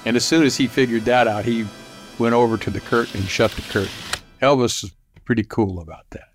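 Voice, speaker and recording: A man's voice: medium pitch, brisk, faint music behind. An older man from Southern California telling a personal story in a folksy, conversational way, restarting phrases as he goes.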